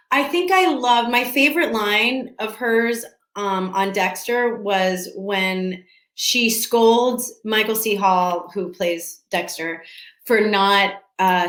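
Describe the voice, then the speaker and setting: A woman chats through fan questions in a loose, scattered way, often restarting her sentences and laughing. Her voice sits at a middle pitch. She sounds like she is in a room at home with a noticeable echo. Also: fairly bright tone. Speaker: actress answering fan questions. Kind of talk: casual virtual fan panel. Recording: echoey room.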